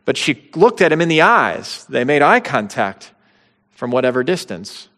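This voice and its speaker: A man's voice: medium pitch, very animated, moderate pace, fairly bright tone. A man preaching a sermon, conversational teaching with bursts of dramatic quotation. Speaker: pastor. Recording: long hall reverb.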